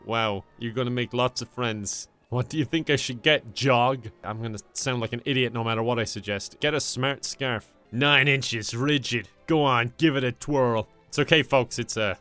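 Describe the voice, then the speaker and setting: A man's voice: mid-range voice, normal speed, bright, forceful tone, clean tone, soft background music. A young man in his twenties giving joking, sarcastic commentary while playing a game. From Ireland. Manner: sarcastic, joking, laughs at himself. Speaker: gaming YouTuber. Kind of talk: comedic let's-play commentary.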